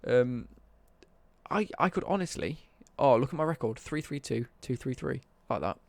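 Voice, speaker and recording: A man's voice: mid-range voice, expressive, moderate pace, creaky, no echo. A young British man ranting on a casual live stream, sweary and worked up.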